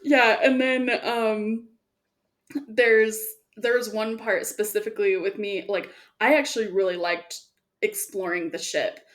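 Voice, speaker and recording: A woman co-hosting a casual chat, telling animated gameplay stories and laughing often. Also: medium pitch, measured pace. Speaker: podcast co-host.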